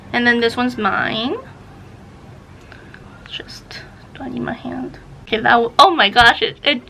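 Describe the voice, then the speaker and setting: A young woman talks to her own camera as a book vlogger, chatty and rambling. Her voice sits a touch high with a lot of vocal fry, and a faint hiss of background noise runs under it. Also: bright, forceful tone, low-quality recording. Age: young adult. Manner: chatty, rambling, easily sidetracked. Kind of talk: casual vlog chat. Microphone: camera facing her, self-filmed.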